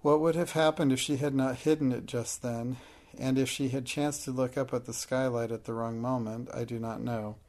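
A man narrating an audiobook in a steady, measured way. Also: mid-range voice.

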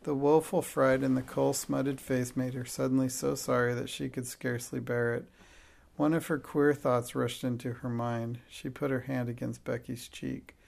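A man narrates a classic children's story in a steady, measured way. His mid-pitched voice carries a clear gravelly grain throughout. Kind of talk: audiobook narration.

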